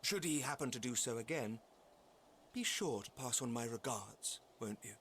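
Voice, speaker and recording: A man voicing an earnest, formal nobleman who leads a holy city, speaking in measured, courtly phrases. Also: mid-range voice, expressive, a bit bright. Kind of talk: formal game dialogue. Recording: game audio with faint music. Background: faint game music.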